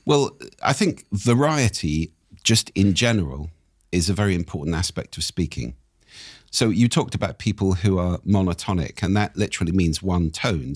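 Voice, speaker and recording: A man speaking as a guest on a podcast, explaining ideas with an expressive, animated delivery. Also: normal speed, breathy edge, no echo, clean studio sound. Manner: expressive, animated delivery with wide pitch swings. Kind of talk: interview conversation.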